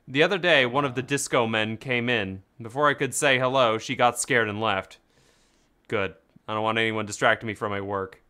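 A man's voice: medium pitch, moderate pace, bright, forceful tone, smooth. A man playing a game with friends, reading on-screen text aloud with stumbles, laughter and swearing. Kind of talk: casual let's-play chat.

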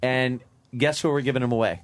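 A man's voice: medium pitch, a little fast. A man co-hosting a radio talk show, mocking and sarcastic with crude jokes. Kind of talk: crude comedic radio banter.

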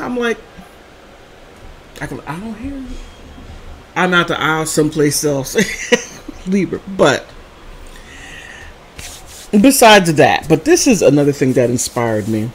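A woman vlogger telling funny stories in a casual, animated way, laughing often between phrases. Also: low-pitched, a little slow, long pauses, slight background noise. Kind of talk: casual storytelling vlog.

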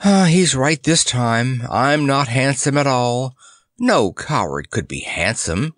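Male reader doing a gruff, sad cowardly lion, raised pitch, storybook read. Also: big pitch swings, slow pace, a bit bright, no room sound, studio quality, heavily acted. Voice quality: gruff, rumbling. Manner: mournful, yearning.

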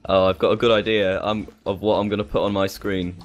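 A man's voice: on the low side, level tone, a little fast. A British man co-hosting a building game video, chatting casually with playful banter and frequent laughter. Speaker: gaming video co-host. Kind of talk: casual gameplay chat.

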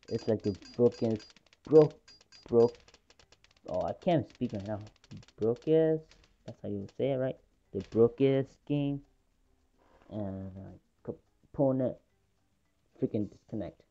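A woman chatting excitedly through live gameplay commentary, swinging between groans and gloating. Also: very deep voice, lo-fi sound. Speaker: gaming channel host.

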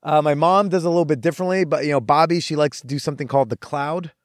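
Young dude podcast host, casual and animated storytelling, swears a lot, dry close mic. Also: male voice, on the high side, no room sound. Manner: animated and profane, with quick asides.

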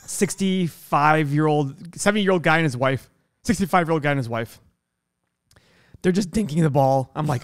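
A young man co-hosting a podcast, telling animated, fast stories in casual chat, laughing often and swearing freely. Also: fairly high pitch, dry recording, clean studio sound. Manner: fast, animated storytelling, acting out quoted people. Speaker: podcast co-host, investor.

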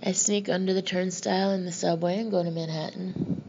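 A blunt, slangy older-brother type, read by a woman narrator, teasing and sure of himself. The voice is low and gravelly with little rise and fall, and the sound is a bit dull. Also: fairly even intonation, brisk, background noise. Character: cocky streetwise older brother, boy.

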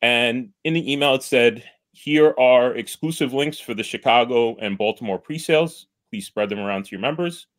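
A man's voice: mid-range voice, moderate pace, hardly any pauses. A man with a New York accent, a supporters club organizer talking through events as a podcast guest, detailed and methodical. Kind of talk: casual podcast chat.

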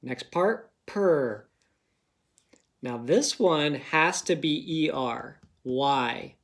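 A man's voice: fairly high pitch, animated, drawn-out words, fairly bright tone. A man teaching a phonics lesson to young children in a patient, encouraging manner.

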